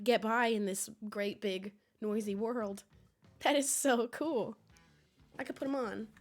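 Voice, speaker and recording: A young woman streaming from home, chatting casually with viewers in a rambling, laughing way. She is hoarse, sniffly and coughing from a cold. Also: a little high.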